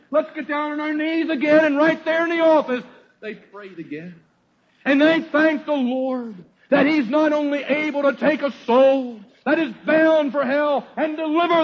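A male preacher delivering a sermon at a church service, telling a story dramatically and swinging from loud exclaims to hushed words. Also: extremely high pitch. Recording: dull lo-fi sermon recording.

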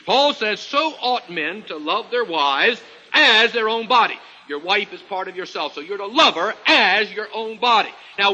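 A man's voice: very high-pitched, pushed and bright. A man preaching a sermon to a congregation, with emphatic rising and falling delivery. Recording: lo-fi recording with long hall reverb.

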